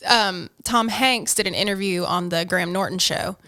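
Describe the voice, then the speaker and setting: A woman on a podcast, retelling a story quickly in casual chat. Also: medium pitch, sharp tone. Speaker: podcast co-host.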